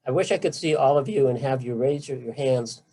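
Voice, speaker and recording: A man's voice: medium pitch, fairly quick, warm tone, poor audio. A middle-aged man, a physician, giving a conversational, emphatic talk on treatment to patients, with asides. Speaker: physician lecturer.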